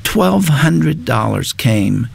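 A man's voice: mid-range voice, very animated, very slow, creaky, a little hiss or hum. An older man, a guest on a Christian talk show, telling a personal testimony in an earnest, reflective way.

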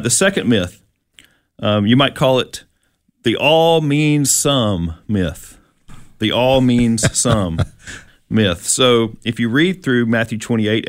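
A man's voice: mid-range voice, no echo, studio quality. A man leading a conversational Bible teaching, explaining step by step and asking his listener questions.

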